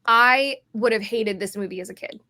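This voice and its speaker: This podcast co-host is a woman with a slightly high, bright voice and a forceful tone, speaking at a moderate pace. She rambles chattily through casual conversation with plenty of fillers, yawning and sounding a bit tired.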